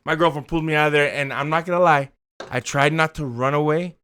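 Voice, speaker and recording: A man's voice: fairly high pitch, steady tone, quick pace, pushed and bright, a little hiss or hum. A man, telling a story in casual chat, acting out the voices and swearing freely. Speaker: co-host.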